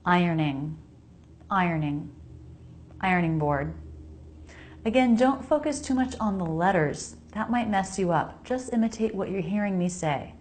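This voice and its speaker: A woman with an American accent teaching pronunciation, modeling each sound slowly and repeating words for the listener to copy. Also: on the low side, expressive, a little mellow, slight background noise. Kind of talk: slow pronunciation lesson.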